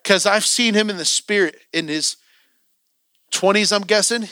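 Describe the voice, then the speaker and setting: Man, impassioned sermon, high bright voice, dry close sound. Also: normal speed, smooth, no room sound. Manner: impassioned, urging the congregation. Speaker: preacher. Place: church.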